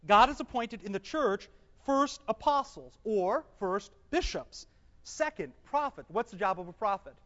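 With a mid-range voice that is a bit bright, a Bible teacher slowly reads scripture aloud to a live group and explains it. He quizzes the room and then answers the questions himself, in a dull, echoey hall recording.

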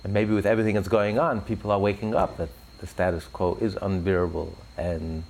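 A man's voice: deep voice, flat delivery, fairly quick, gravelly, a little mellow. A man giving an impassioned religious talk in an interview, fervent and building to emphatic peaks. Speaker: religious speaker.

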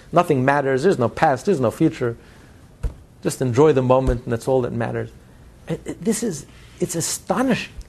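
Husky-voiced man lecturing with emphasis. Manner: emphatic, repeats phrases in building runs; swings between loud stress and low, quiet asides. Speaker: Torah teacher. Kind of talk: spoken lecture on Hasidic teaching.

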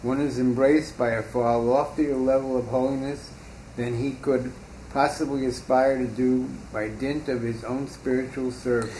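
A man reading a religious text aloud in a class, steady and measured. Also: medium pitch. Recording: roomy echo with faint background hiss.

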